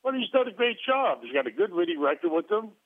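A man's voice: high-pitched, sing-song, quick pace. A man in his seventies, a retired ballplayer, telling rambling stories and chuckling in casual chat. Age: 70s. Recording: tinny phone line.

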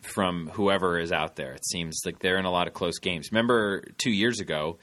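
A man's voice: deep voice, moderate pace, a bit bright, dry recording. A man co-hosting a casual sports podcast, opinionated and teasing his partner. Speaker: podcast co-host.

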